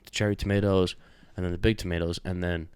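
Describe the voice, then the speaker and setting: A man's voice: low voice, level tone, fast, darkish tone, clear, resonant tone, no echo. A young man co-hosting a podcast, chatting casually, rambling with lots of filler words and swearing. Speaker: podcast co-host. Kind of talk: casual chat.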